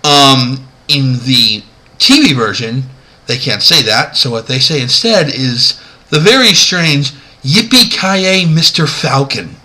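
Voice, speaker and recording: Man with a sharp, bright voice, talking casually and rambling as he counts down a list. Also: mid-range voice, animated, takes it slowly, rough recording. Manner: chatty, rambling, amused, many fillers. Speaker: vlogger ranking movie moments. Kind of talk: casual video commentary.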